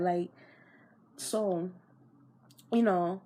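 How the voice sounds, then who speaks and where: A young woman vlogger telling a storytime casually in slang, swearing and getting animated, recorded on an iPod camera. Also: extremely slow, long pauses. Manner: animated, slangy, swears, pitch jumps when riled.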